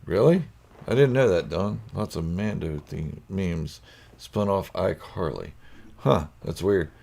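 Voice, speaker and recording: Casting note: low, gravelly man, goofy host of a live fan chat, laughs a lot. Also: measured pace, mellow. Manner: goofy, laughing often, reads viewer comments aloud. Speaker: channel host chatting with live viewers.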